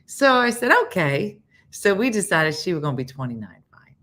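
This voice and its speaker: A woman with a low voice hosts a casual morning show, her pitch swinging widely as she tells stories. She acts out the people she quotes, laughs often and sometimes drops to a whisper. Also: very animated, moderate pace, a bit bright. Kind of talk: casual storytelling chat.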